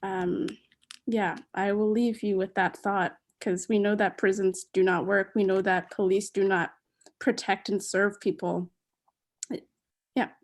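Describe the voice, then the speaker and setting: A woman guest speaking slowly and thoughtfully, pausing often with ums. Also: mid-range voice, little pitch movement. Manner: slow, thoughtful, many ums. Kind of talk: casual video call conversation.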